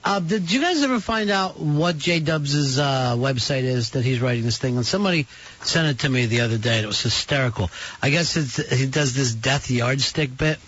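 A man with a husky voice chatting on a radio show, telling a joking story about a friend. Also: mid-range voice, moderate pace, a bit bright. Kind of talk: casual radio gossip. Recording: dull lo-fi radio clip.

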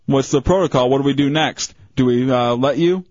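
A man's voice: medium pitch, a little fast, a little mellow, no echo. A man hosting a radio call-in show, probing with hesitant restarts from a studio mic. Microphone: studio microphone. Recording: dull radio broadcast sound.

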